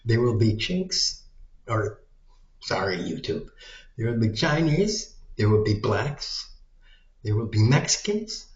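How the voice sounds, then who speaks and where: A man's voice: fairly low pitch, big pitch swings, slow. A man ranting casually with plenty of profanity, rambling and muttering as he goes. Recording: echoey room, dull lo-fi sound.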